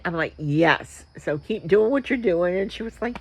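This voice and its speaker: Lowish voiced woman rambling excitedly thru a story, lots of ums, dry close sound. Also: normal speed, slightly rough, no room sound, poor audio. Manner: chatty, rambling, excitable with fillers and restarts. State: about to sneeze. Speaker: wrestling vlog host. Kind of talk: casual storytelling vlog.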